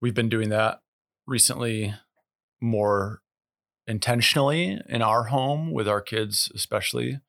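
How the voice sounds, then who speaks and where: A man as a guest on a podcast, talking in a relaxed, agreeable way and telling everyday stories. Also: mid-range voice, unhurried, vocal fry. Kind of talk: casual conversation.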